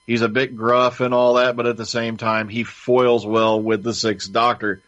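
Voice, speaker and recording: An easygoing man talks casually on a review panel and laughs often. His voice sits at a middling pitch, and the recording is a bit dull and lo-fi. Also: flat delivery, moderate pace, a bit bright. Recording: slightly dull lo-fi audio.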